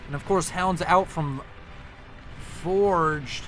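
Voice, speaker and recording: A man giving casual live commentary on a real-time strategy match, chatty and quick to correct his own slips. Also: high voice, a bit bright, slight background noise. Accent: non-local accent, unnamed. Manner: chatty, self-correcting, apologetic about slips. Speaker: game caster.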